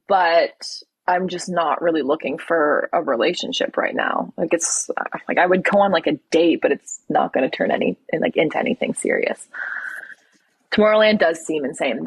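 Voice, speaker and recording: A young woman hosts a relaxed live stream, reading out comments and answering them frankly. Her voice sits low and has a breathy, husky edge. It sounds dry and close, with no room around it. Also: no echo, poor audio. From Toronto, Canada. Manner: relaxed, reads out viewer questions and answers them candidly. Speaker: livestream host.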